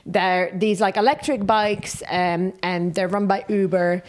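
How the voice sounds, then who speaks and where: Speaking a little slowly in a mid-range voice, a comedian from the Netherlands, in her thirties, co-hosts a laid-back comedy podcast. She tells her stories with animation and laughs often.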